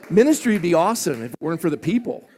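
A male pastor telling a personal story in a sermon, confessional and animated, acting out the other people's voices as he goes. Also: high voice, rapid-fire, background noise.

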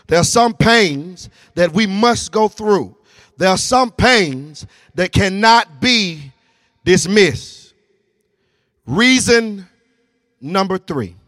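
A pastor preaches a sermon using call and response and repeated lines, moving from low, quiet stretches to shouted, sing-song peaks. The audio is studio clean, with no room sound.

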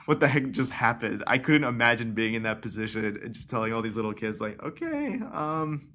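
Young male co-host, slightly low voice, relaxed rambling podcast chat, NorCal-raised. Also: fast talker. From Northern California. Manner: loose and chatty, lots of "like" and restarts. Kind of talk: casual chat.

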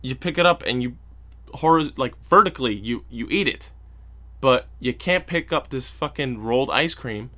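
A man hosting a podcast, telling a story in a casual, profane rant and mocking people in loud put-on voices. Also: medium pitch, lively intonation, normal speed. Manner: profane, ranting, mocks others in loud voices. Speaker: podcast host.

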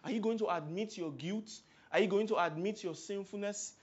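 Emphatic Nigerian male preacher, hushed to loud. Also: high-pitched, a little fast, slightly rough, muffled recording. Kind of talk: sermon.

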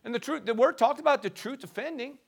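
A man preaching a sermon in an animated, playful way, swinging from soft asides to shouting. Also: extremely high pitch, quick pace, vocal fry. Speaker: pastor.

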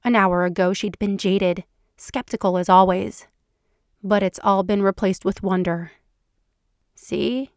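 Woman narrator, fan fiction reading, soft, intimate, dry, mid-pitched. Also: steady tone, moderate pace, clean tone, no room sound. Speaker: podcast narrator.

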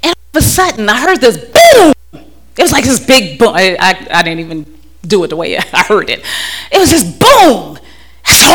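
A woman's voice: sits high, sing-song, normal speed, a bit bright. A woman telling a frank, humorous church testimony into a handheld mic to a live audience. She often laughs and repeats words as she restarts her sentences. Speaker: speaker giving a personal testimony. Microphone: handheld microphone.

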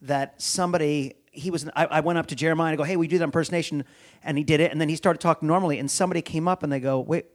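A man's voice: fairly high pitch, steady tone, racing. A man guesting on a comedy podcast, chatting casually and telling rambling, joking stories.

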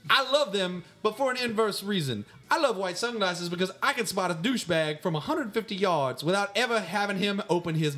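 Man, mock-pompous comedic host, lively pitch, slightly high voice. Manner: mock-pompous, swings between high squeaks and low mutters. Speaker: podcast co-host answering fan mail in character. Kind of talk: comedic banter, reading listener mail.

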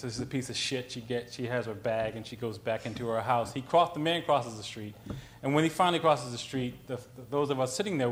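Male author, lecture storytelling, animated and conversational. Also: mid-range voice, slight background noise. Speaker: author giving a talk.

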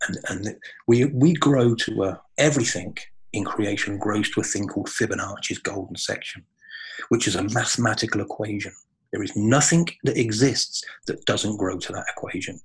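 A man's voice: fairly low pitch, normal speed, breathy edge, rough recording. A man talking earnestly and reflectively in a spiritual conversation on a podcast.

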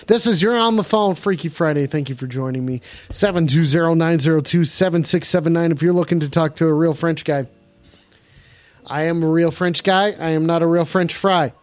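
A man's voice: on the high side, darkish tone. A man hosting a live call-in show in a clumsy put-on French accent, playful and rambling.

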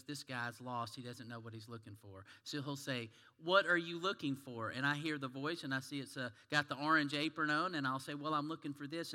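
In a church sanctuary with long hall reverb, a male pastor preaches a sermon, telling stories and putting questions to the congregation. His voice is fairly high with a sharp tone.

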